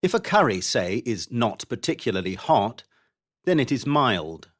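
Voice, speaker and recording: A man reading vocabulary explanations and example sentences for a textbook, clearly and expressively. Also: medium pitch, very animated, measured pace. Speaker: textbook audio reader.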